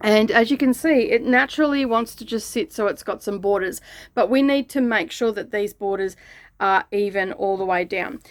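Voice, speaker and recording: A woman hosting a sewing channel, giving relaxed, chatty step-by-step instructions. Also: medium pitch, normal speed. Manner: relaxed, chatty instructions with frequent "okay" and "all right". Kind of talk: step-by-step craft tutorial.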